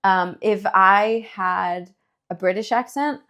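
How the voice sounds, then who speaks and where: A woman's voice: medium pitch, fairly bright tone, smooth. Spanish-accented woman teaching pronunciation. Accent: Spain Spanish. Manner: slow drawn-out modeling of words, then quick explanations. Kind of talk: bilingual language lesson.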